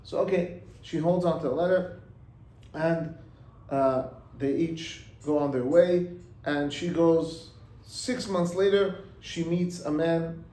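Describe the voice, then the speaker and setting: A man's voice: on the high side, takes it slowly, dark tone. Rabbi guy telling a story, acts out the voices, drops in hebrew words, kinda echoey. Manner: mixes in Hebrew and Yiddish words. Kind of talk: storytelling sermon.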